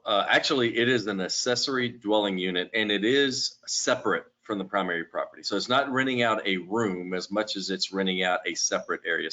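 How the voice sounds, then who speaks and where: A man with a somewhat low voice walks through lending terms in a steady, explanatory webinar talk. The audio is dull and lo-fi. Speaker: lending company presenter. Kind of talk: webinar presentation.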